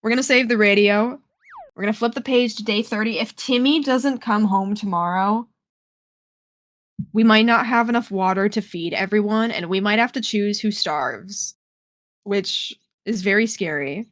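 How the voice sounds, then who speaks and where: A woman's voice: mid-range voice, normal speed, fairly bright tone, no room sound, clean studio sound. A woman live-streaming a game, chatting with her viewers in a playful, dramatic way and reading the game's text aloud. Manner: playful, dramatic, talks to chat.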